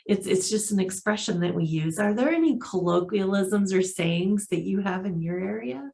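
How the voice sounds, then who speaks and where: A woman's voice: mid-range voice, expressive, moderate pace, gravelly, dark tone. A woman from South Dakota hosting a casual online interview, upbeat and encouraging. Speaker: host.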